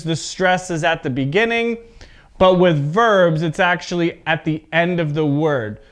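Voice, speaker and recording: A man's voice: high voice, fairly bright tone, smooth. A man teaching an English pronunciation lesson. He is patient, often checks in with "okay?", and exaggerates word stress in his examples.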